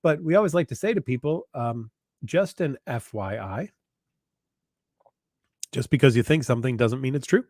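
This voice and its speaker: A man, a psychologist, giving earnest advice in a live online Q&A, repeating his points and slowing down to stress them. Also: mid-range voice, lively intonation, a little mellow, no room sound, studio quality. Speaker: psychologist answering viewer questions.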